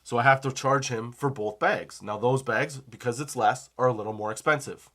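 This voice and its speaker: Animated man telling a shop story. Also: mid-range voice, moderate pace. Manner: animated, acts out both sides of dialogue, laughs often; conversational, says "okay?" and "dude" often. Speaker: podcast host. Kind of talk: casual comedic storytelling.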